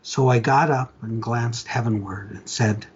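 An older man from Ontario, Canada, reading his own stories aloud with an animated storyteller's delivery that acts out the dialogue. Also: medium pitch, measured pace, slightly rough, dull audio.

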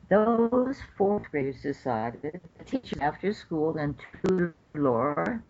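A woman's voice: deep voice, unhurried, hardly any pauses. Older lady judge telling stories in an interview, acts out the quotes, kinda dull lo-fi sound. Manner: animated storyteller acting out quotes. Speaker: federal judge. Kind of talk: interview storytelling. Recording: dull lo-fi recording.

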